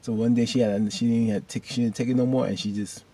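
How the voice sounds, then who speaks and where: A man casually recapping a TV episode, rambling and animated with loose slang. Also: mid-range voice, quick pace, slightly rough. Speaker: video host recapping a TV episode.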